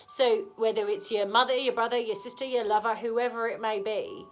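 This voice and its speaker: A woman's voice: fairly high pitch, steady tone, normal speed, faint music behind. A woman giving a casual tarot reading to camera, chatty and frank, with a cold. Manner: chatty, frank, keeps asking "okay?". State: has a cold. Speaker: tarot reader.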